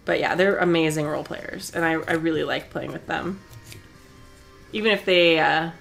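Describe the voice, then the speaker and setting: A woman's voice: low-pitched, normal speed, creaky, a bit bright, soft background music. A woman chatting casually on a live stream while she sews, talkative and often breaking into laughter.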